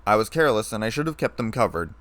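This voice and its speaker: A man reading a story aloud, playing a scarred, weary ex-soldier who speaks in a low, flat, calm way. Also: fast talker, no echo.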